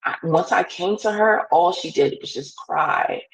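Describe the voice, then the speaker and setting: A woman's voice: fairly low pitch, expressive, a little slow, gravelly, rough recording. A woman as a podcast guest, telling a personal story in an earnest, casual way, full of "like" fillers. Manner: earnest, heavy use of "like" fillers.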